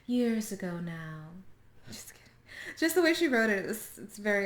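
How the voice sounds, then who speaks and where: A woman's voice: medium pitch, very animated, unhurried, pauses often. A young woman, chatting and reading a book aloud on camera at home, making joking asides. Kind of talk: casual vlog with read-aloud passages. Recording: echoey home room, faint background noise.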